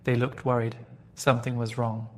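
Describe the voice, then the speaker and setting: Male audiobook narrator, mid-pitched, clear and even delivery for learners. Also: normal speed. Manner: clear, steady reading. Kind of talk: scripted narration for English learners.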